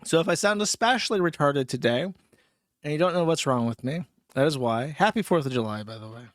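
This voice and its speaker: A man's voice: on the high side, lively intonation, fairly quick, dry recording, studio quality. A man hosting a casual livestream, talking in a crude, sardonic, rambling way while a little tipsy. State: tipsy from drinking. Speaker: streamer host.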